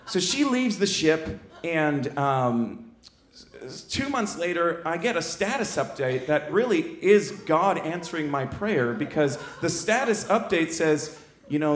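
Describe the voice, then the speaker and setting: Brash, high-voiced stand-up comedian man. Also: unhurried, echoey room. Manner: brash, animated, self-mocking. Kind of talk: stand-up storytelling.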